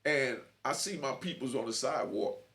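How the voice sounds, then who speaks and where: A man's voice: mid-range voice, normal speed, fairly bright tone. A middle-aged man telling his own story to camera in a streetwise way, often asking "you know what I mean". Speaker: host.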